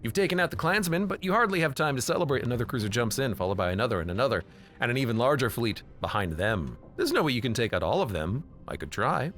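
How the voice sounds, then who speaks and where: A man streams a video game and reads its text aloud, cracking jokes as he goes. His pitch swings a lot as he talks. Faint music plays underneath. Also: sing-song, quick pace, fairly bright tone. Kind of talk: casual gameplay commentary.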